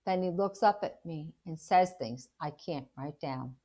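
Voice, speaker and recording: A woman, a teacher, reading a children's novel aloud in an animated storytelling way and stopping to ask the listener questions about the story. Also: sits low, measured pace.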